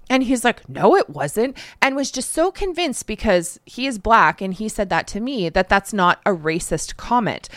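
A woman's voice: mid-range voice, fairly bright tone, dry recording, studio quality. A woman co-hosting a podcast, chatting casually and laughing often as she rambles through stories. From Canada. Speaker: podcast co-host. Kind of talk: casual chat.

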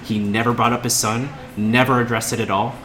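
A man's voice: mid-range voice, flat delivery, brisk, music in the background. Casual young man running a tabletop game. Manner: casual, full of fillers and restarts. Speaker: game master. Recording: roomy room with crowd chatter.

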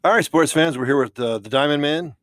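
A man's voice: a little high, brisk, a bit bright, dry recording, clean studio sound. Playful man hosting a sports bet show. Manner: playful, teasing announcer. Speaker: host. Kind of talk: comedic sports betting show.

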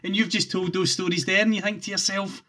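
A man hosting an interview, talking in an emphatic, animated way. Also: high-pitched, fast. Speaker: interviewer host. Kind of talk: casual interview chat.

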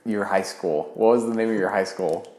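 Male podcast host, low voice, relaxed and filler-heavy, echoey room. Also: moderate pace. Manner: easygoing, frequent fillers. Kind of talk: casual interview chat. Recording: roomy echo.

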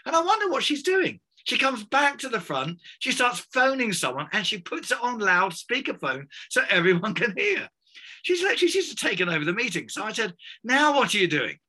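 A man's voice: extremely high pitch, very animated, a little fast, sharp tone. A man preaching a sermon, telling a story and acting out the voices in it, then closing in prayer. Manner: storytelling, acts out quoted voices, ends in prayer.

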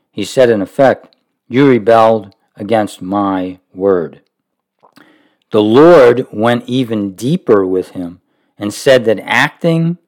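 A man reads a devotional book aloud in an earnest, reflective way. He pauses often and breaks off to give his own heartfelt comments before going back to the text. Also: lowish voice, darkish tone.

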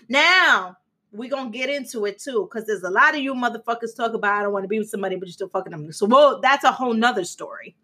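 A woman's voice: sits high, brisk. Brash, profane woman podcast host. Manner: profane, brash and animated, sings parts of her intro. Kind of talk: casual solo podcast monologue.

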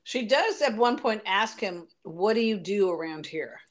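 A woman with a middle-pitched voice in a relaxed book chat. She retells the plot and acts out the characters' lines as she goes. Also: a little slow. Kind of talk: casual book discussion.

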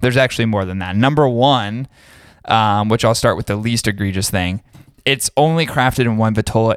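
A man's voice: fairly low pitch, normal speed, clear, resonant tone, no room sound, studio quality. Angry man ranting, profane. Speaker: podcast co-host. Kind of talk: casual podcast rant.

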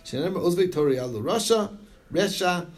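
Animated man teaching a text. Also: sits high, fast. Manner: reads Hebrew and Aramaic text aloud then explains it in English, animated. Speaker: Talmud study teacher. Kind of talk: Talmud study class, reading and translating.

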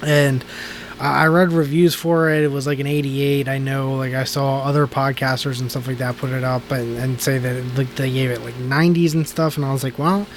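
A man's voice: mid-range voice, fairly even intonation, moderate pace, slight background noise. A man casually reviewing movies on a podcast, rambling with lots of fillers and restarts. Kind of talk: casual chat.

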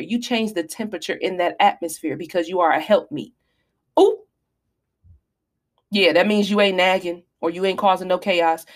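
Preachy woman podcaster, casual speech. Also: mid-range voice. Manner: animated, preachy, apologizing in mock fashion. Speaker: podcast host. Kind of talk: casual advice talk.

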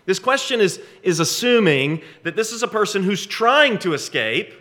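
A middle-aged man preaching a sermon, emphatic, slowing down for dramatic weight and repeating key phrases. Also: a little high, sing-song, pushed and bright. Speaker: pastor.

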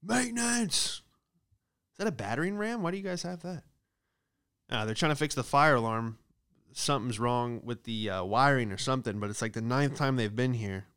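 A man's voice: medium pitch, a little fast, fairly bright tone, clean tone. A man doing a casual, profane comedic monologue, riffing with exaggerated bits about everyday hassles. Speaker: comedian host.

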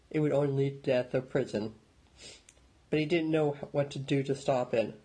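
A man narrating an audiobook in a steady, measured storytelling manner. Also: mid-range voice, husky, poor audio.

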